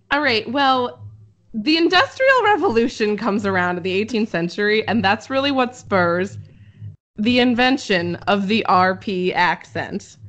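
A woman's voice: medium pitch, lively intonation, measured pace, long pauses, a bit bright. A woman hosting a casual podcast chat, explaining what she read with frequent fillers. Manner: explanatory, reads from notes with fillers. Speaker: podcast host presenting research. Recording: dull lo-fi audio.

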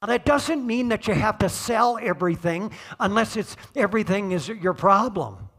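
High, bright-voiced male preacher. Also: expressive, moderate pace. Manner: conversational, joking, swells to shouting on key points. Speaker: pastor. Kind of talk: sermon.

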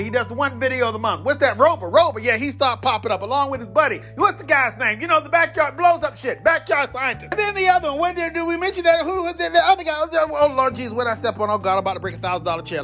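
A man holds forth on his own podcast in a loose, animated rant. His voice is bright and pushing, and he breaks off mid-thought to add preachy asides. Faint music sits behind him. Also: very high-pitched. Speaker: podcast host.

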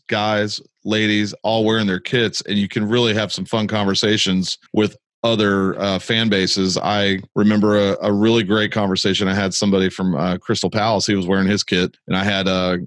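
A man co-hosting a podcast, telling stories in an animated, casual way and often repeating words as he starts. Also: on the low side, dry recording, studio quality. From United States. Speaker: podcast co-host.

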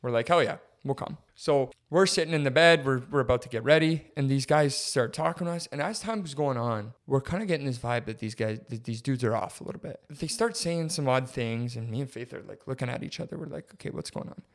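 Young male podcast co-host, casual storyteller, animated, heavy on filler words. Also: medium pitch, brisk, gravelly, few pauses. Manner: animated, filler-heavy, says "like" and "dude" constantly.

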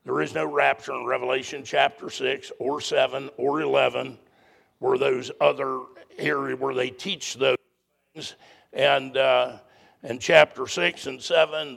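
Older male pastor, folksy and blunt from the pulpit, with a heavy rasp and a husky tone. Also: mid-range voice, steady tone, measured pace, fairly bright tone. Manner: folksy, blunt, emphatic preaching. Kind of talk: sermon.

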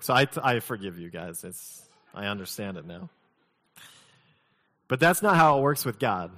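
Male pastor, low voice, relaxed conversational preaching with light humor, long hall reverb. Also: moderate pace. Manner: conversational, mixes scripture reading with humorous personal stories. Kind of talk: sermon.

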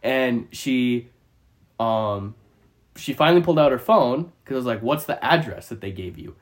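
A man's voice: medium pitch, normal speed. Guy ranting through a crazy story, cussing a lot, laughing, casual podcast chat. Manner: animated, profane, laughs through his story.

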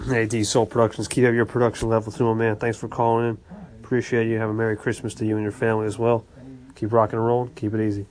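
A man's voice: fairly low pitch, little pitch movement, fast talker, a little mellow. A man hosting a casual podcast, thanking callers with friendly, repeated sign-offs. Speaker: podcast host reading call-ins. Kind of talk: casual call-in shout-outs.

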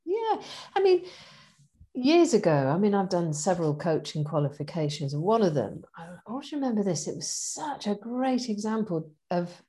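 A middle-aged woman in casual conversation, chatty and animated, laughing often as she talks about her events. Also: mid-range voice, normal speed. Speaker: event organizer and guest.

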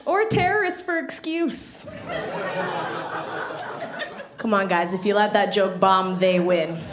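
A woman's voice: mid-range voice, expressive, moderate pace, over a noisy crowd. A young woman doing a stand-up comedy set on a club stage, chatty and self-mocking, filling her talk with "like". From Somalia (family). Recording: echoey room with loud audience laughter. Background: audience laughing.

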